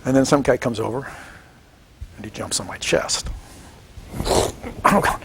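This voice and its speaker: A man in his seventies from Washington State, telling his story in an oral history interview, animated and chuckling, acting out the voices of people he quotes. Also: medium pitch, unhurried, pauses often, a little hiss or hum. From Washington State, United States. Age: 70s. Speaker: veteran interviewee.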